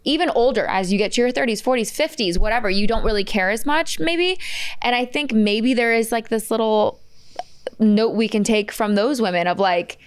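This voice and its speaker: A podcast co-host with a fairly high, smooth voice speaks at normal speed while telling a story in casual chat. She's an animated storyteller who acts out the people in it and their quotes.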